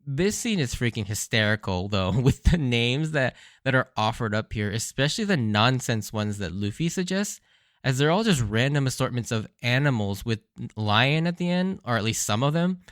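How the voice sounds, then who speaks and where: A man's voice: medium pitch, very animated, moderate pace, no room sound, studio quality. A man hosting a podcast, recapping anime episodes in a casual, enthusiastic way and laughing often. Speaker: podcast host.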